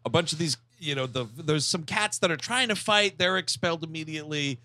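Bright-voiced profane podcast storyteller man. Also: fairly high pitch, brisk, no echo. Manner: profane, rambling storyteller who acts out quotes. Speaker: podcast co-host. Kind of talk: crude comedic movie recap.

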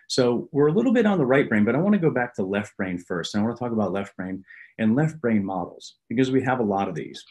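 A man's voice: fairly low pitch, darkish tone. A man presenting a business webinar as a sales consultant, talking conversationally and repeating words as he goes. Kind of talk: business webinar talk with anecdotes.

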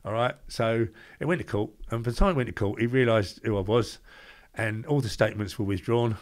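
An older man with a London accent telling lively stories as an interview guest, acting out the voices of people he quotes and laughing at his own tales. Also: fairly low pitch, a little fast. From England. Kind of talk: anecdotal storytelling.

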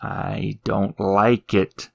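A man's voice: fairly low pitch, flat delivery, drawn-out words, creaky, darkish tone, husky, heavily acted. A man voicing a nervous, shifty little demon who lives in a picture box and talks in an evasive mutter.

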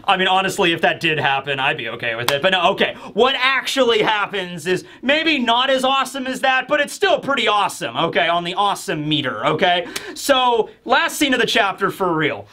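A man giving a casual, chatty recap of a manga chapter, with animated asides. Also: high-pitched, brisk, hardly any pauses, slight background noise. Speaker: manga review YouTuber. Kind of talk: casual commentary.

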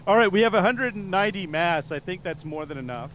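A man's voice: high-pitched, expressive, fast, a bit bright, a little hiss or hum. A man in a co-op game stream, joking and working through crafting plans aloud. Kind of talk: casual gaming chat.

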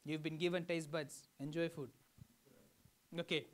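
Fijian pastor preaching conversationally. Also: male voice, on the high side, flat delivery, a little slow. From Fiji. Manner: conversational preaching with questions to the congregation. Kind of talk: sermon.

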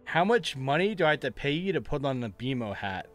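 A man's voice: medium pitch, very animated, brisk, faint music behind. A young man casually commentating his own game live as a streamer, chatty and joking with his chat. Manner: casual, chatty, playfully mock-angry trash talk.

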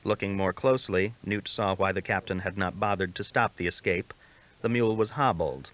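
A man reading a novel aloud as an audiobook narrator, steady and measured, on a dull lo-fi recording. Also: low-pitched. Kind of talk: scripted narration.

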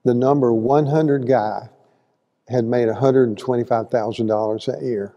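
A man's voice: medium pitch, fairly even intonation, normal speed, dark tone, long reverb tail, lo-fi sound. A man teaching a conversational Bible class, folksy and asking the listeners questions as he goes. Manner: folksy, asks the audience questions, acts out quotes. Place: church hall.

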